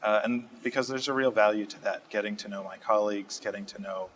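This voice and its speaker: A young man, answering interview questions in a steady, thoughtful way with frequent fillers, in a community TV studio. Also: lowish voice, fairly quick, poor audio. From Massachusetts. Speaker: state representative guest.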